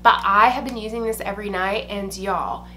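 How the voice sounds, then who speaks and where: A woman's voice: mid-range voice, fairly even intonation, moderate pace, pushed and bright, slight background noise. Chatty woman gushing over makeup. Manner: chatty, gushing, swears casually, says "y'all" and "freaking". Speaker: beauty vlogger. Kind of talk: casual product review chat. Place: indoors at home.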